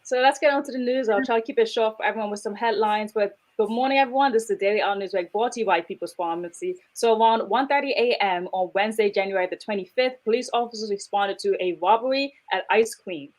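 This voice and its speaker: A woman co-hosting a morning talk show, moving briskly through stories and news headlines. She talks fast and keeps a chatty tone while reading out the headlines. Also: mid-range voice, poor audio. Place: radio talk show studio.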